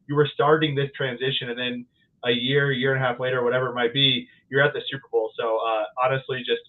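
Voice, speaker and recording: Speaking quickly in a level, mid-range voice, this podcast host chats casually and tosses out friendly, meandering questions. The audio sounds thin, like a phone line.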